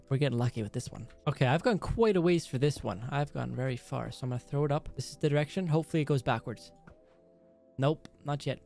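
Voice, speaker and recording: A man doing gameplay commentary at home at night, speaking softly and excitedly pleading with the game as he plays. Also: mid-range voice, fast, creaky, soft background music. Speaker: let's play host.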